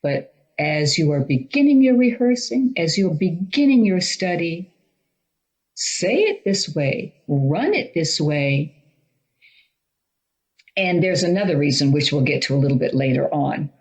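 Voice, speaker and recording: Slow, deliberate woman teaching drama. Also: sits low, sing-song, a little mellow, low-quality recording. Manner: deliberate, explains step by step. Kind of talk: instructional talk on performing Shakespeare.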